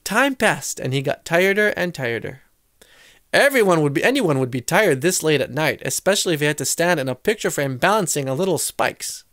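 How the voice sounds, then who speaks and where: Storybook reader, a man with a high voice, dry close recording, lively character voices. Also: brisk, dry recording. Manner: expressive, shifting voices for characters. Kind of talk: storybook read-aloud.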